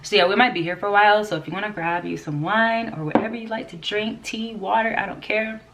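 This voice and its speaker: A woman's voice: medium pitch, fairly even intonation, fast, background noise. A congested woman chatting in a rambling, unedited home vlog, laughing often. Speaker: vlogger. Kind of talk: casual unedited vlog chat.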